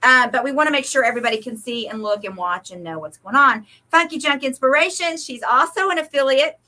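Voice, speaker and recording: A fast-talking woman with an Oklahoma and Texas accent chats casually on a live stream. Her voice sits a bit high and has a bright, forceful edge. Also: animated. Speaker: host.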